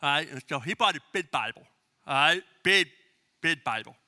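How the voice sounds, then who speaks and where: A man's voice: a little high, animated, normal speed, pushed and bright. A man preaching a sermon as pastor, emphatic and repetitive, leading the congregation to repeat phrases after him. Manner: emphatic, repeats key phrases, leads congregation call-and-response.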